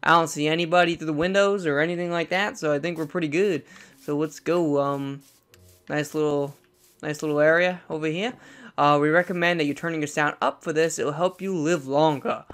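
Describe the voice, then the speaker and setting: A young man hosting a let's play, talking through a horror game and repeating words excitedly when scared. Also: fairly high pitch, a little fast. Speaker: gaming channel host.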